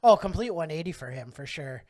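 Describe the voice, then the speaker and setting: A man's voice: fairly high pitch, animated, a little fast, darkish tone. A man co-hosting a podcast, chatting casually as he recaps a comedy skit, laughing often and acting out the lines he quotes. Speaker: podcast co-host.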